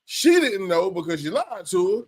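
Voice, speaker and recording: A man's voice: high voice, sing-song, normal speed, a little mellow, a little hiss or hum. A man co-hosting a casual podcast, talking crudely with an emphatic drawl. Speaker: podcast co-host. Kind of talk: candid casual podcast chat.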